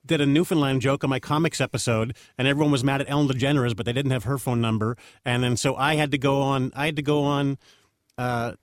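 A man who is a comedian guest on a radio talk show, telling stories quickly, sarcastic and stumbling. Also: medium pitch, fairly even intonation, no echo, clean studio sound. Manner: rapid, stumbling, sarcastic storytelling. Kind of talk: casual talk radio banter.

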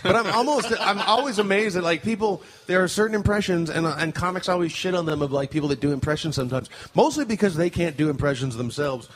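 A man's voice: high voice, fast, hardly any pauses. A man co-hosting a podcast in casual chat, rambling and listing examples. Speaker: podcast co-host.

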